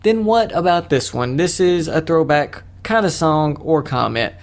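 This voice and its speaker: A young man with a slightly high voice rambles through a solo podcast, joking crudely at his own expense. His talk is loose and casual, full of restarts and asides. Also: animated, a little slow. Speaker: podcast host.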